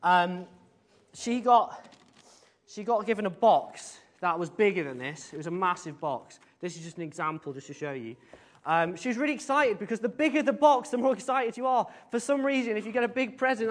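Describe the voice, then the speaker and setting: Chatty high-voiced man leading church. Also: expressive, fairly quick. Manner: chatty, hesitant, with many ums and playful asides. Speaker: service leader. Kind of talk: informal all-age church talk. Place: church service with congregation.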